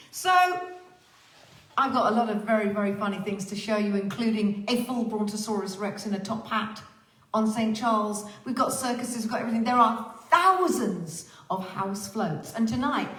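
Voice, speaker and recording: A woman's voice: mid-range voice, fairly bright tone. A woman hosting a casual livestream chat, theatrical and chatty, swearing freely. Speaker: livestream host. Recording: roomy echo.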